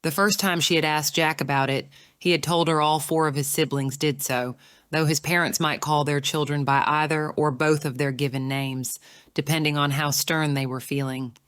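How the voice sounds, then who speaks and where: A woman narrates a novel in a measured, even storytelling manner. Her voice is low and smooth. It is recorded close and dry in a studio. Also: no room sound. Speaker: audiobook narrator. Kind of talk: scripted narration.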